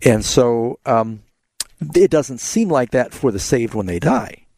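A man's voice: medium pitch, very animated, takes it slowly, creaky, a little mellow, no room sound. A man hosting a call-in Bible radio program, earnestly explaining scripture to callers. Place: radio studio.

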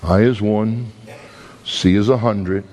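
A man's voice: steady tone, slow, darkish tone. A man with a Brooklyn accent preaching a sermon, telling stories and pressing his points with big swings in his voice. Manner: storytelling, dramatic swings in pitch, emphatic. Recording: long hall reverb.

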